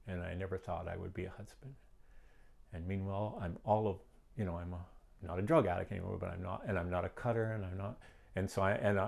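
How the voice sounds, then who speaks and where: A middle-aged man with a low, gravelly voice tells his own story. He speaks plainly and candidly, and grows animated when he quotes other people. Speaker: guest telling his testimony.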